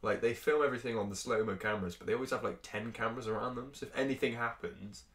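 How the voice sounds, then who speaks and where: A man's voice: medium pitch, fast, a bit bright. A young man co-hosting a podcast, laid-back and swearing freely in casual chat. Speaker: podcast co-host.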